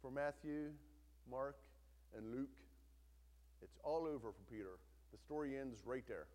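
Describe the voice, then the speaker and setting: A man preaching a sermon, swinging between loud, intense retelling and hushed, quiet emphasis. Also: mid-range voice, measured pace. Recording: long hall reverb.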